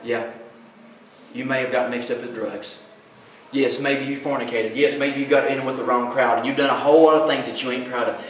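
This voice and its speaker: A man preaching a sermon as pastor, animated and plainspoken, often quizzing his congregation with questions. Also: mid-range voice, fairly quick, slight background noise. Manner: folksy, plainspoken. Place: large church hall. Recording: echoey hall, voice from far off.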